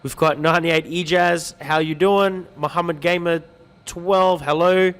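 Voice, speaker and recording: Male livestream host, friendly and chatty, slightly raised pitch, long hall echo on the track. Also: steady tone, a little slow, fairly bright tone. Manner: chatty, greets viewers by name, light joking. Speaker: livestream host reading viewer comments. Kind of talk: upbeat live-stream chat.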